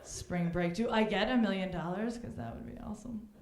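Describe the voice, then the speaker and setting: A woman's voice: mid-range voice, a little fast, darkish tone. A woman performing a stand-up comedy set on a club stage, brash and bawdy, often breaking into mocking voices for the people she quotes. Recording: echoey club room.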